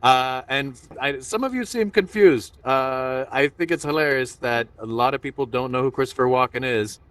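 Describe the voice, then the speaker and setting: A man's voice: mid-range voice, normal speed, fairly bright tone, clear, resonant tone, no echo, distant mic. A man doing a playful, rambling stand-up set streamed online. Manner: rambling, self-interrupting, playful. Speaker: stand-up comedian.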